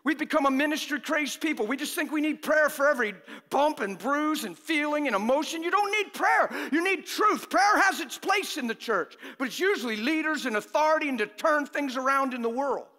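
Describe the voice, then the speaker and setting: A man preaching a fervent, exhorting sermon that bursts into shouting, in a church. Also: extremely high pitch, normal speed, big-room sound.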